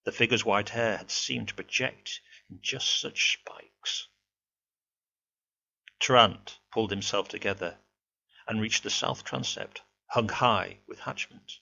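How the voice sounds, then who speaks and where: A man reading a ghost story aloud in a measured, expressive way. His voice is very gravelly with a bright, forceful edge. The home recording is dull and lo-fi, with a faint hum behind it. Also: fairly low pitch. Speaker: narrator.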